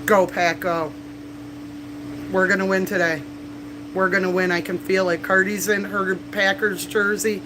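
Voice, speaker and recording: A woman's voice: medium pitch, level tone, unhurried, long pauses, background noise. A woman chatting casually on a livestream from a bar, rambling through stories with laughs and coughs. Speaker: livestreamer and bartender. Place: bar, indoors.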